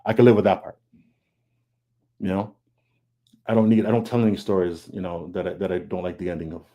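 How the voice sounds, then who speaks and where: Low-pitched and flat in delivery, a male comic book artist speaks fairly fast with a dark tone. The setting is an informal, candid panel over video call, recorded on its mic, where he earnestly restarts, repeats words, and dramatizes his own thoughts.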